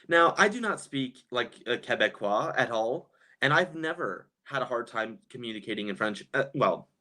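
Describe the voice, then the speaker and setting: A man chatting casually on a live stream, gossipy and quick to laugh, reading viewers' comments aloud and reacting. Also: medium pitch, expressive, pushed and bright.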